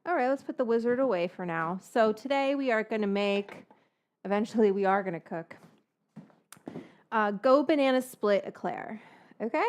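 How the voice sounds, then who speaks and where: A woman's voice: medium pitch, moderate pace. A woman, likely in her thirties, hosting a cooking livestream in a rambling, casual way and swearing freely. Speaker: livestream host baking from her cookbook.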